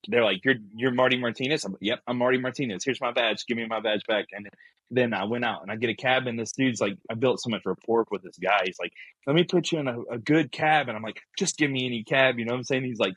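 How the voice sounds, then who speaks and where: A man telling a story casually as a podcast guest, animated and acting out the people he quotes. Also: medium pitch, quick pace, husky, dry recording, poor audio.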